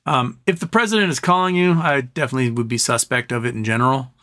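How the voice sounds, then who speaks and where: Man, live stream host, laid-back, rambling, mid-pitched voice. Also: fast talker, pushed and bright. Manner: rambling, laid-back, reads chat comments aloud. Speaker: livestream host. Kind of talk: casual livestream chat.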